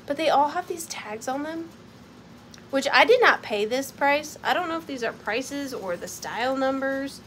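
A woman's voice: high-pitched, animated, moderate pace, a bit bright, a little hiss or hum. A young woman selling vintage items in a bubbly, playful live sale, chatting to her pieces as if they were friends. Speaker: online vintage seller. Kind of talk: casual live sale chat.

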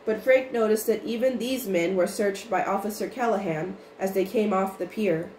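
A woman reads a chapter of a storybook aloud as an audiobook narrator, her medium-pitched voice even and unhurried, with small restarts here and there. The recording sounds roomy and carries faint noise.

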